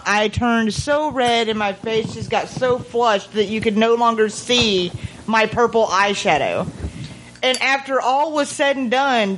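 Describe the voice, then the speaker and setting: A woman's voice: a little high, a bit bright, slight background noise, rough recording. A woman chatting casually among friends, telling a candid, giggly story.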